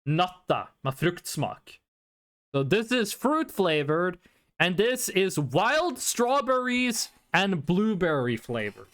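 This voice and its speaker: A man's voice: sits high, sing-song, slow pace, fairly bright tone. A young Norwegian man with a Norwegian accent, chatting casually and jokily with his chat while streaming a game. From Norway. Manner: rambling, chatty, answers chat, jokey.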